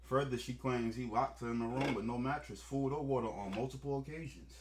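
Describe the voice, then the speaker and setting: A man's voice: mid-range voice, fairly quick, noisy background. A man hosting a casual reaction commentary, joking and swearing in blunt asides. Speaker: commentary host.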